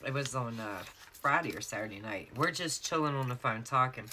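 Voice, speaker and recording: A woman's voice: rumbling low, lively intonation, a little fast, bright, forceful tone, slight background noise. A woman with a Southern US accent chatting casually to her viewers while setting up her planner and telling stories. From North Carolina, US. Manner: chatty storyteller, addresses viewers as y'all. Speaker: planner vlogger.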